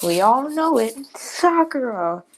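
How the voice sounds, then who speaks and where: A woman's voice: a little high, very animated, takes it slowly, a little hiss or hum, rough recording. A young woman casually improvising a fan story, chatty and correcting herself as she goes.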